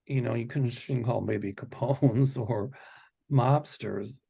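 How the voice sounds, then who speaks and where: A man hosting a psychic chat show, talking casually and stressing his points in slow, deliberate lists. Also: mid-range voice, gravelly, dark tone, breathy edge. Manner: deliberate, emphatic listing of words. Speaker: psychic host.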